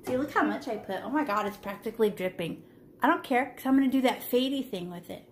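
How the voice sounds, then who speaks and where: A woman's voice: on the high side, lively intonation, quick pace, reverberant, slight background noise. A woman teaching a live online painting class for children, playful and chatty as she talks them through each step over a laptop mic. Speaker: art teacher. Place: home room on a video call. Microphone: laptop mic on a video call.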